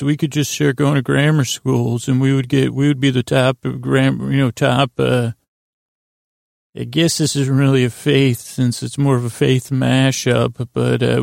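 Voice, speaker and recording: A man riffs in character as an earnest young king, his voice heavy with gravel and fry. He stumbles and restarts as he rambles through the comedy bit. The sound is dry and close. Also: medium pitch, a little mellow, dry recording. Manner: rambling, halting, full of restarts. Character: earnest boy king Tommen. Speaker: comedy podcast host.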